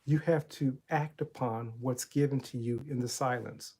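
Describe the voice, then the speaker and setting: This middle-aged man, a motivational coach who hosts a channel, delivers a spiritual talk in a preacher's storytelling style. His medium-pitched voice is steady, warm, and slightly breathy at a moderate pace as he retells Bible stories and poses rhetorical questions.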